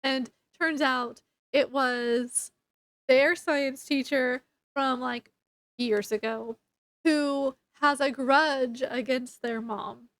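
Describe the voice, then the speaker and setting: A woman's voice: high voice, steady tone, extremely slow, fairly bright tone, dry recording. A woman giving a casual book review at home, retelling the plot in a rambling way with lots of fillers.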